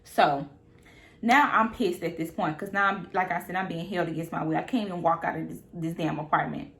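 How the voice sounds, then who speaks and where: A young woman vlogger telling a story in casual, slangy talk, animated and repeating her phrases. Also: on the low side, fairly quick, creaky.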